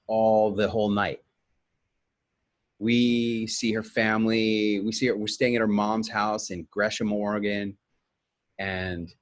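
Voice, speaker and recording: A middle-aged man hosting a webinar, telling a candid, rambling personal story and correcting himself as he goes. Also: lowish voice. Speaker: webinar host.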